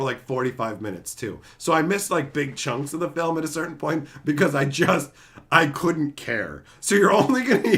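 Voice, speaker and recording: A man on a casual stream, ranting and acting out scenes, swearing freely and laughing as he tells it. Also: a little high. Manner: animated, acts out scenes in put-on voices.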